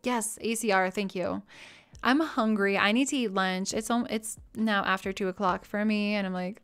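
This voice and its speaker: A young woman chatting casually with her live-stream audience, bubbly and easily excited as she browses and talks. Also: mid-range voice, normal speed, smooth.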